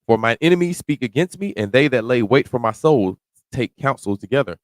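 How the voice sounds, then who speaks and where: A man's voice: mid-range voice, animated, dry recording. Dry-miked man preaching verse by verse. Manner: reads scripture slowly then riffs in casual slang, rising to shouts. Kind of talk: verse-by-verse sermon.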